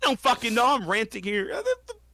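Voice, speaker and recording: A man's voice: very high-pitched, big pitch swings, quick pace, creaky, sharp tone, no room sound. A man co-hosting a sports podcast, ranting angrily with heavy swearing and repeating himself. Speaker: podcast co-host. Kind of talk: profane sports rant.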